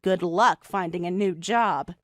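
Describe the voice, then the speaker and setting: A young woman voicing a calm, mocking designer who also narrates the story in first person. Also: fairly low pitch, natural voice. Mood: cold mocking. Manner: cool, mocking, measured.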